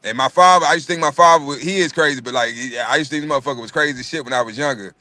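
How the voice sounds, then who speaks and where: Man, podcast host, bright and forceful tone, dry close sound, rambling and profane, casual chat. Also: medium pitch, rapid-fire, no room sound.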